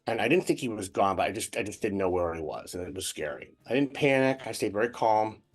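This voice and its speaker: Deep-voiced american guy telling a memory on a call, stops and restarts a lot, low music under it. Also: lively intonation, husky. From United States. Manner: reflective, halting with restarts. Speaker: guest. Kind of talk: personal interview storytelling. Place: at home in Chicago, on a call.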